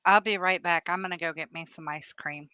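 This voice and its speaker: Teasing woman co-host, bright smooth voice. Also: lowish voice, fairly even intonation, no echo. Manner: teasing, quick to laugh. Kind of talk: casual live stream chat.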